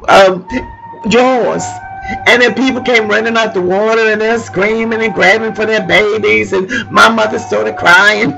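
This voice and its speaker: Gravelly woman telling a story. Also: mid-range voice, steady tone, a little slow. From Louisiana. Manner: rambling, laughs often, searches for words. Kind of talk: personal anecdote told aloud. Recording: lo-fi recording with music behind.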